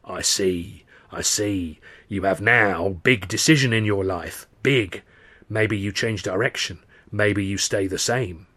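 A man voicing an ancient female fortune-teller with a harsh, rasping voice, speaking in slow, broken, halting pronouncements. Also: lowish voice, sharp tone, full character voice. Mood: cryptic.

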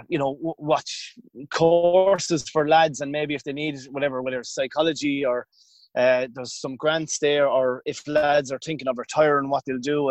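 A man's voice: mid-range voice, no room sound. A man with an Irish accent, a former goalkeeper, telling long anecdotes in a casual interview with many restarts. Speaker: former hurling goalkeeper guest.

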